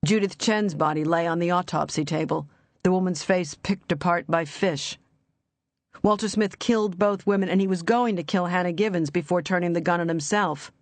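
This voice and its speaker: A woman narrating an audiobook in a measured, even reading. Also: lowish voice, no echo.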